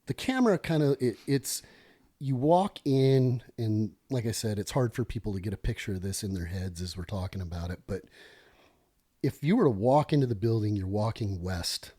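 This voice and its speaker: Animated middle-aged man telling a story. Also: fairly low pitch, normal speed, slightly rough. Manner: animated, self-interrupting storyteller. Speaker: podcast guest, former police lieutenant. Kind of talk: storytelling in a podcast interview.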